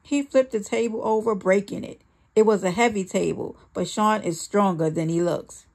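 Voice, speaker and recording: A woman's voice: medium pitch, moderate pace, gravelly, darkish tone. A woman reading a first-person memoir aloud, with a dramatic, earnest storytelling manner. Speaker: audiobook reader.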